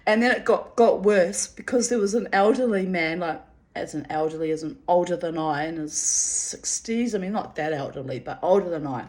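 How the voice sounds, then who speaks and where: A woman's voice: lowish voice, moderate pace, a little mellow. A woman telling a personal story in a casual, candid way, often breaking into giggles and swearing freely. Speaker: storyteller reading her own diary.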